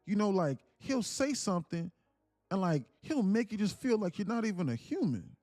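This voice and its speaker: A man's voice: high-pitched, very animated, normal speed, a little mellow, pitched above the performer's own voice. A man doing his hesitant hurt mother.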